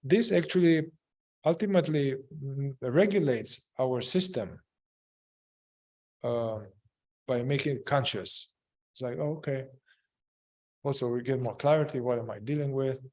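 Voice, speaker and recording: Male group facilitator, mid pitch, unhurried and halting, full of "uh" and restarts. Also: a little mellow. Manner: hesitant, many fillers and restarts. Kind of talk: guiding a group in therapeutic inquiry.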